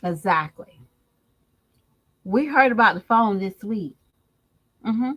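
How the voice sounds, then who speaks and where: A woman's voice: medium pitch, lively intonation, slow pace, a bit bright, rough recording. A woman vlogger giving casual gossip commentary, slangy and emphatic, who laughs often as she talks.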